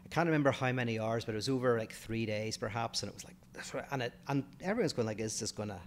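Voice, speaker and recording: A man's voice: mid-range voice, fast talker, slight background noise. Northern Irish man musing on philosophy. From Northern Ireland. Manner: thoughtful, restarts mid-phrase. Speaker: podcast co-host, philosopher. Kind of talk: casual philosophical chat.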